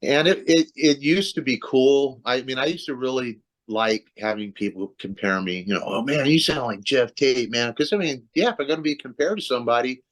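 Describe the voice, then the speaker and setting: Talking a little fast and hardly pausing, this man sounds animated in his mid-range voice. He's a metal singer on a casual video-call interview, rambling loosely about his career with many restarts and fillers.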